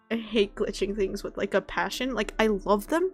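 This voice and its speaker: A woman's voice: mid-range voice, normal speed, hardly any pauses, husky, soft background music. A young woman streaming a game, chatting playfully to her viewers. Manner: playful, talks to chat. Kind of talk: casual game stream commentary.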